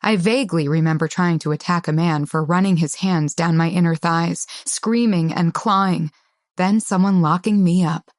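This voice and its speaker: A woman narrating an audiobook in a tense, measured first-person style. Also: on the low side, fairly even intonation, dry recording, clean studio sound.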